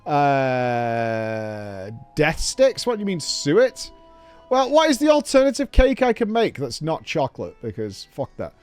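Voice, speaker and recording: Sweary animated man ranting. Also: high voice, moderate pace, soft background music. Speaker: streamer. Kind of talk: casual stream chat.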